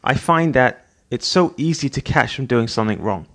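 Earnest middle-aged male host, motivational monologue, repetitive delivery, average pitch. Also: animated, moderate pace, a bit bright. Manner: earnest, repetitive, acts out scolding parent voices. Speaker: podcast host.

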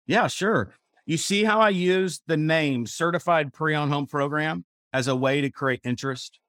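A man's voice: fairly high pitch, measured pace, fairly bright tone, no room sound, clean studio sound. A man from Missouri coaching real estate agents at a seminar, emphatic and repetitive, often restarting his sentences. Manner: emphatic, repetitive, self-correcting. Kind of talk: seminar teaching. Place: seminar room.

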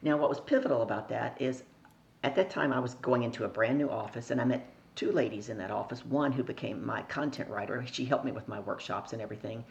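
A woman's voice: very deep voice, quick pace, vocal fry, dull audio. A middle-aged woman, a podcast guest, telling a story in conversation and acting out the people she quotes.

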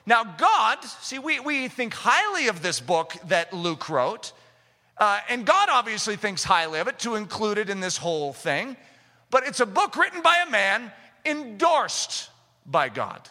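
High, lively preacher in an echoing hall. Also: male voice, unhurried. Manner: impassioned, rising to shouts, acting out skeptics' voices. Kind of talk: sermon. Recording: long reverb of a large hall.

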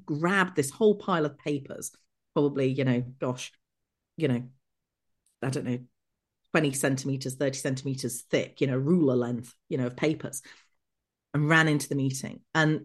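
A middle-aged woman, an executive coach telling stories from her career as a podcast guest, animated and quick to act out remembered conversations. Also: a bass voice. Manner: lively, acts out remembered dialogue. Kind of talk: podcast interview storytelling.

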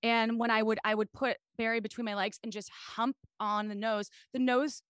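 A woman with a raspy, somewhat high voice tells frank stories in an animated, open way. The sound is dry and close, with no room around it. She talks like a guest in a relaxed chat. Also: normal speed, no room sound. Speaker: podcast guest. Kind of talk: candid casual chat.

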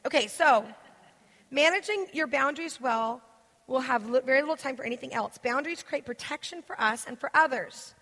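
A woman giving an interactive teaching sermon as a guest speaker, animated, asking the audience questions and acting out quoted voices. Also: a little high. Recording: echoey hall.

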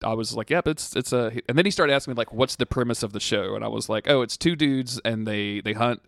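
A young man co-hosts a podcast, telling a story in casual conversation and performing the quoted lines with lively energy. His voice sits in the mid range, with a brisk pace and some vocal fry. The studio recording is clean, with no room sound.

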